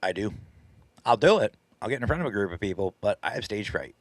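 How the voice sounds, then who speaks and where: A man's voice: fairly low pitch, expressive, fast talker, no room sound. A man hosting a live stream, casually telling a story in a chatty, self-deprecating way and laughing often. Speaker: paranormal team leader and live stream host.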